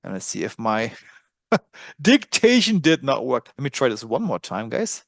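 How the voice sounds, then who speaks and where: A man's voice: medium pitch, big pitch swings, unhurried, vocal fry, dry recording, studio quality. A man with a German accent hosting a live trading webinar, talking casually and thinking aloud with frequent fillers. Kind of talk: live screen-share webinar.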